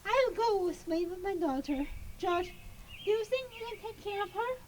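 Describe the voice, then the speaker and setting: A woman's voice: very high-pitched, lively intonation, normal speed, noisy background. A woman acting the bride's father in an amateur stage play, speaking in a coaxing, reassuring way.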